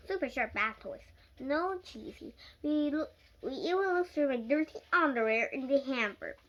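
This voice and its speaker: A child reading a storybook aloud, halting, with slips and restarts. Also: high-pitched, fairly bright tone, muffled recording. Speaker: reader.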